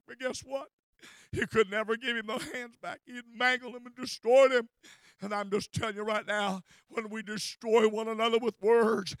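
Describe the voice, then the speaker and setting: A man's voice: very high-pitched, steady tone, normal speed, fairly bright tone, no room sound, studio quality. A man preaching a sermon with fervent delivery, often stumbling over and repeating his words.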